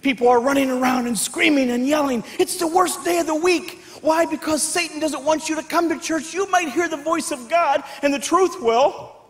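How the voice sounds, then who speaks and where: A man performing stand-up comedy on stage, telling animated stories and acting out family members in loud, barked voices. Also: extremely high pitch, moderate pace, few pauses. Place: large hall with live audience. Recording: echoey hall with faint background noise.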